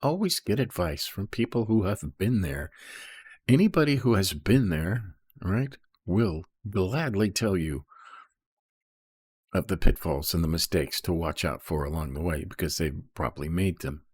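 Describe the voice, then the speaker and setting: A man's voice: sits low, animated, measured pace, darkish tone, breathy edge, no room sound, clean studio sound. A man reading Bible verses aloud and explaining them in a casual teaching style, checking in often with "okay?" and "right?".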